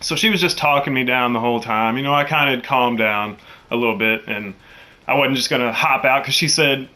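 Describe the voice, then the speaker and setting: A young man telling a profane, animated story, jumping into loud quoted voices. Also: medium pitch, fairly quick. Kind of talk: casual storytelling.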